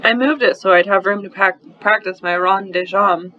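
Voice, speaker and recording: A man's voice: high-pitched, normal speed, lo-fi sound, a little hiss or hum, lightly acted. Man doing a sulky dismissive older sister. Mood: offhand. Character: girl, sulky ballet-practicing older sister.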